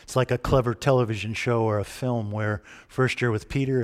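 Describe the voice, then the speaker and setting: A man's voice: mid-range voice, fairly even intonation, a little fast. Man preaching a conversational sermon. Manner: conversational, asks the listeners direct questions.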